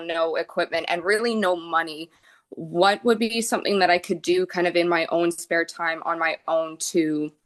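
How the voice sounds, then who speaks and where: Woman, lowish voice, hesitant beginner student on a call. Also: a bit bright. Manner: tentative, hesitant. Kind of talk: asking a question on a video call.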